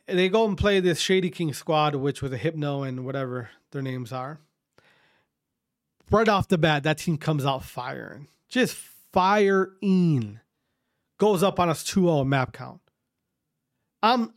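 A man's voice: on the high side, no echo, clean studio sound. A man casually telling a long story to his viewers, rambling, repeating himself and swearing often.

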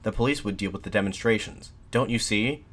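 A man voicing a defiant nationalist addressing soldiers from a balcony, in an impassioned, shouted pleading manner. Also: lowish voice, fairly quick. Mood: fervent, shouting.

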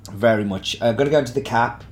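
A man's voice: medium pitch, fast. A man hosting a casual coffee tasting vlog, talking enthusiastically with plenty of fillers. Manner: enthusiastic, chatty, filler-heavy. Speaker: coffee roaster host.

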